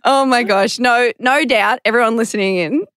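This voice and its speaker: A woman's voice: a little high, moderate pace, fairly bright tone, clean tone, dry recording. A chatty woman who hosts a podcast interview. She is encouraging toward her guest. The sound is dry and close to the mic. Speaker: podcast host.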